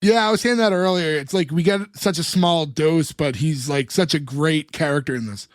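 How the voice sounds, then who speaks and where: A man's voice: a little high, normal speed, no room sound, studio quality. A man co-hosting a podcast, recapping a TV episode in long casual retellings full of fillers. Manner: long retellings with many fillers and acted quotes. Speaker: podcast co-host.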